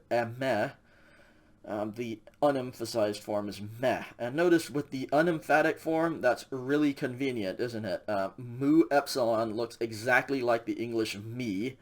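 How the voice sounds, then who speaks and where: Relaxed man lecturing with many ums. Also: mid-range voice, unhurried. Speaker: Greek instructor. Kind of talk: recorded classroom lecture.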